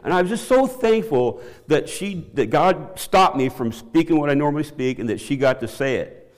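A middle-aged man shares a spoken testimony with his church, stumbling through many restarts and laughing often. When he gets excited, his voice rises higher and louder. The recording carries a long reverb tail.

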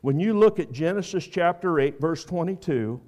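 High-voiced man preaching a sermon. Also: lively intonation, normal speed. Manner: preaching with emphatic rises and quiet asides.

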